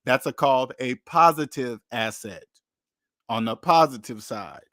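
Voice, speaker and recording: A man's voice: mid-range voice, unhurried, sharp tone, no echo, clean studio sound. A man hosting a live money chat, talking casually and animatedly, repeating himself and acting out the people he quotes. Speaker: channel host answering chat.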